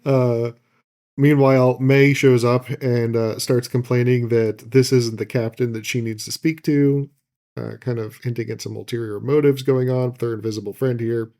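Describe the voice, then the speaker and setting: A man talks through a television episode's plot in a loose, unhurried podcast chat. His voice sits at an ordinary pitch but has a dark, mellow tone, and he fills pauses with ums and uhs as he goes. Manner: relaxed, loose plot recap with many fillers. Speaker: podcast co-host recapping an episode. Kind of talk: casual chat.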